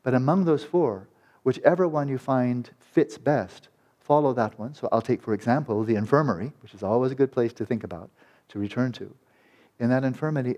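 A male meditation teacher giving a dharma talk at a retreat, speaking gently and soothingly and often trailing off into soft repeated words. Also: medium pitch, moderate pace.

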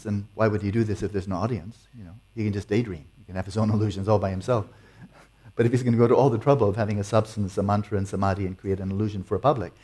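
A man's voice: lowish voice, mellow. A man teaching meditation and answering audience questions in a playful, teasing way. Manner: playful, teasing, chuckles often.

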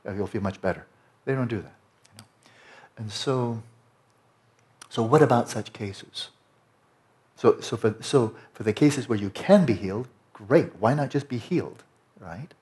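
A man's voice: mid-range voice, measured pace, pauses often, darkish tone. A man who teaches Buddhism giving an earnest, discursive lecture with many self-corrections and restarts.

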